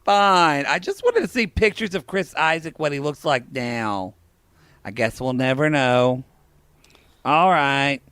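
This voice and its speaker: Brief: male podcast co-host, raunchy recap banter, lively sweeping delivery. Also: a little high, a little slow, clean tone, no echo. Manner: bawdy, animated, jokey. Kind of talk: casual reality-TV recap chat.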